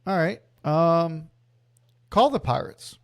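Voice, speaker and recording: A man's voice: on the high side, animated, takes it slowly, pitched above the performer's own voice. A man voicing a laid-back male team executive who gives short, offhand orders. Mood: curt.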